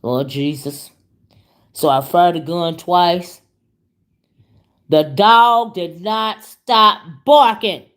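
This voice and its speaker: Lady vlogger telling a story, chatty and animated, lowish voice. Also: drawn-out words, pauses often. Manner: animated, chatty, calls audience "y'all" and "child". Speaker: YouTube commentary host. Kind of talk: casual storytelling chat.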